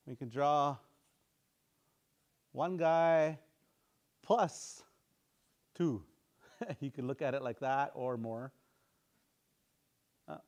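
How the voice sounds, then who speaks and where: A man teaching a language class in a relaxed, casual way, saying words slowly and repeating them for learners. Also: mid-range voice, clean tone.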